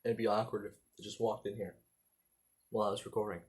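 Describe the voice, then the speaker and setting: A young man talking casually into a camera from a room, rambling and halting with lots of fillers and the odd swear word. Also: lowish voice, little pitch movement, darkish tone, husky. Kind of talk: casual vlog monologue. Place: indoor room at home.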